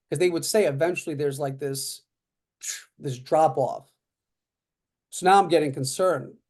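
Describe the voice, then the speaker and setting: Guy in his 30s, kinda high mellow voice, chatty storytelling, lots of "uh" and "like". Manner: animated, acts out quoted dialogue; frequent fillers like "uh" and "like". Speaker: podcast guest, lawyer. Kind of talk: casual storytelling.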